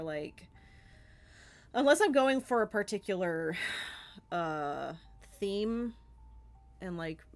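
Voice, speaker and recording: A woman with a Southern US accent, a streamer chatting casually and rambling with lots of fillers and giggles during a Q&A. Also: fairly low pitch. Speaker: streamer and artist.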